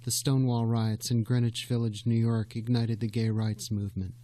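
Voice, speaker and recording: A man narrating a documentary in a measured, scripted delivery. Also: medium pitch. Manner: measured, even, reading.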